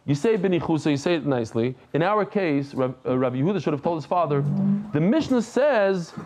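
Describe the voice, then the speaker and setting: Man, somewhat high voice with a lively, swinging pitch, explains a Talmud page casually with humorous asides. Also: fast talker. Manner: animated, conversational, mixes Hebrew and Aramaic terms into English. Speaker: Talmud teacher. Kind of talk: daily Talmud class lecture.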